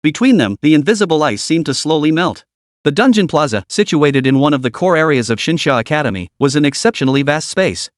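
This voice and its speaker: A man's voice: on the high side, animated, a little fast, no echo, studio quality. Man narrating a story recap.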